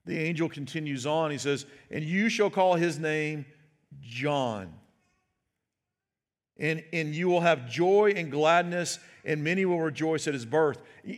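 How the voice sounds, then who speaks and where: A pastor preaching a sermon in a conversational way, asking his listeners "right?" and acting out the quoted words. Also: fairly high pitch. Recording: long hall reverb.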